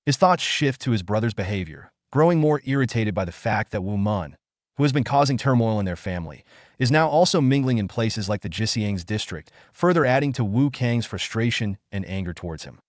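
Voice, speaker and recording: A man narrating a comic story recap in a steady, scripted storytelling manner. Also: fairly low pitch, fairly quick, no room sound, studio quality.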